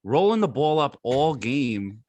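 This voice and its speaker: A man's voice: mid-range voice, sing-song, unhurried, a little mellow, no room sound. Sarcastic, laughing man on a sports podcast. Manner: joking, sarcastic, laughs often. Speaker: podcast co-host. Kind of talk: casual sports chat.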